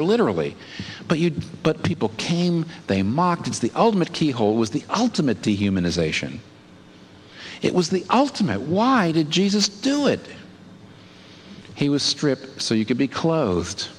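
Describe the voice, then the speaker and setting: A man in his middle register preaches a sermon with a very lively, swinging intonation. He asks the listeners questions and jumps up in pitch for emphasis. His voice rings out in a large hall with a long, trailing reverb. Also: moderate pace, breathy edge. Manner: animated, rhetorical questions, pitch leaps for emphasis.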